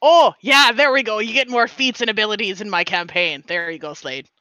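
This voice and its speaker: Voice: medium pitch, fairly quick, pushed and bright, clean tone, no room sound, low-quality recording. A podcast co-host and game master chatting casually, laughing often and talking in a playful pirate voice.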